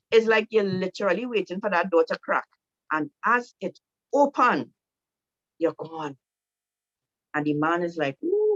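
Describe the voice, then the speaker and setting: A woman's voice: mid-range voice, a bit bright, no echo, muffled recording. A woman giving an instructive talk to women on marriage, speaking directly and often asking "right?". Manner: direct, repetitive, coaching with rhetorical "right?". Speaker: marriage teacher.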